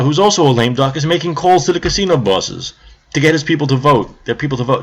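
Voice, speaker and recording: A man's voice: a little high, animated, fast talker, fairly bright tone. A man hosting a live stream, delivering a sarcastic political rant, mocking others and swearing.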